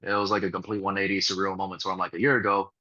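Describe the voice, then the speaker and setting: Brash real estate closer, man, loud and forceful delivery, dull lo-fi call sound. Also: low-pitched, little pitch movement, very fast. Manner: profane, swaggering storyteller acting out others. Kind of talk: casual group video call. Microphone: video call.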